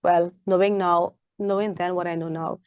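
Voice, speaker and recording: Caribbean lady telling stories in an interview, lowish voice, dry close sound, does her kid's voice sometimes. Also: moderate pace, smooth, dry recording, lo-fi sound. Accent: Caribbean English. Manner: animated storyteller, acts out her child's voice. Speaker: interview guest. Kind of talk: casual interview chat.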